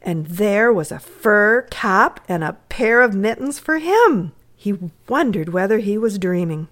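A woman narrating a short story for a readers' theatre. Her reading is measured and expressive, with a mid-range voice. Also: medium pitch.

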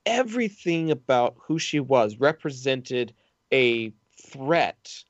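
A man's voice: mid-range voice, big pitch swings, slow pace, dry recording, highs cut off. A man co-hosting a podcast, talking through a film character in casual, thoughtful detail. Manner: detailed, thoughtful movie analysis. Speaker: podcast co-host.

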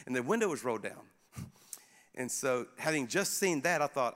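A middle-aged male pastor preaching a sermon in a conversational, animated way, speaking directly to his congregation. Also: medium pitch, moderate pace. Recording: echoey hall.

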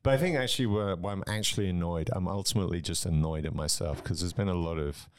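A young man with a fairly low voice co-hosts a comedy podcast. He rants in a loose, casual way, swearing often and telling animated stories. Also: quick pace, slight background noise. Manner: profane, ranting, animated storytelling. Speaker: podcast co-host.

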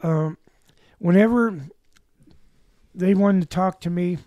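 A man in his seventies with a high, mellow voice tells rambling stories with a dry sense of humor. He sounds close to the mic in a dry, dead room. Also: slow pace, no room sound, lo-fi sound. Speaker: guest, former backcountry ranger. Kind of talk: casual storytelling.

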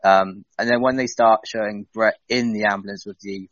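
A man's voice: lowish voice, steady tone, moderate pace, fairly bright tone, dry recording. A man co-hosting a casual podcast chat, talking with enthusiasm that builds as he goes, on a dull lo-fi recording. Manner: enthusiastic, building energy, laughs easily. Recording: dull lo-fi dry sound.

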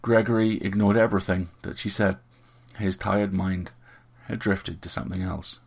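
Deep gravelly guy reading an audiobook, kinda husky, steady pace. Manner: steady, measured storytelling. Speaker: narrator. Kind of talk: audiobook narration.

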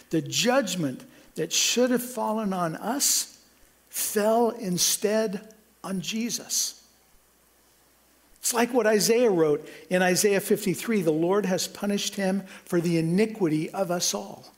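A man's voice: sits high, slow. A middle-aged man from Kansas preaching a sermon, earnest, with frequent restarts and a voice that rises for emphasis. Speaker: pastor.

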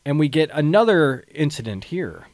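A man's voice: a little high, very animated, normal speed, a little mellow, no room sound, clean studio sound. A man co-hosting a podcast, chatting casually about a film in a blunt, crude, jokey way and laughing often. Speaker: podcast co-host.

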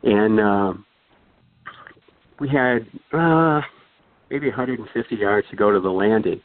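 An older man tells his stories in a loose, rambling way, stopping to restart and adding "uh" and "anyway." His voice sits a little low. The sound is dry and narrow, like it comes over a phone line. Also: measured pace, dry recording. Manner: rambling, many fillers and restarts. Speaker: guest storyteller. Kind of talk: casual anecdote telling.

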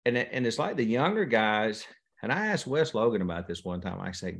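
A man's voice: medium pitch, animated, fast talker, gravelly. A man, a professional angler telling stories in a casual interview chat. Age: 50s. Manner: folksy storyteller, drawling, quotes others in conversation. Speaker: guest angler.

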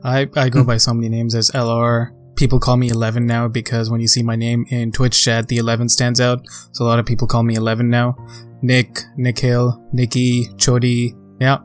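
A man's voice: mid-range voice, completely flat delivery, a little fast, faint music behind. A man who is a regular podcast co-host and streamer, talking offhand in casual chat.

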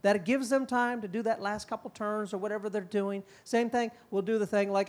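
A middle-aged man speaking at a parenting conference, lively and conversational, often slipping into quick impressions of parents and kids. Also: high-pitched. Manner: animated, acts out parents and kids in quick quoted voices. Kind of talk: conference talk.

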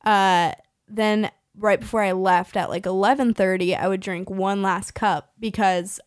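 A woman's voice: mid-range voice, fairly even intonation, measured pace, smooth, no room sound, studio quality. A woman in her twenties from California, hosting a podcast in a casual, chatty way with lots of fillers and laughs. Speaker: podcast host.

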